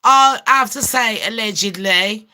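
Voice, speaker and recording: A woman's voice: a little high, a little slow, pushed and bright. A woman ranting in a casual gossip vlog, brash and full of swearing, laughing often. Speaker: gossip vlogger.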